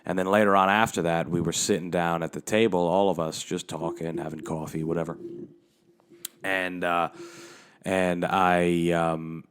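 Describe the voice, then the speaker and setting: Male comic hosting his own podcast: very low voice, loose and rambling, swears freely, talking into a handheld mic. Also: level tone, normal speed, slight background noise. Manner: rambling and profane, with frequent restarts. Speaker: comedian and podcast host. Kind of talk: casual comedic storytelling. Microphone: handheld microphone.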